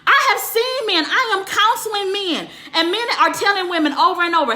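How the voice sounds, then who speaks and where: Woman, high voice, bright tone, swearing constantly, emphatic ranting vlog monologue. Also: a little fast, few pauses. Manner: answers viewers' comments live. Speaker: relationship counselor.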